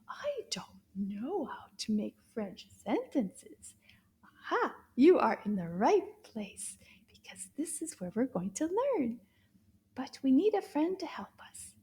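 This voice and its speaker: Husky high-voiced woman teaching young children. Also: dark tone. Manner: exaggerated, gasping, often half-whispered. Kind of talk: children's language lesson.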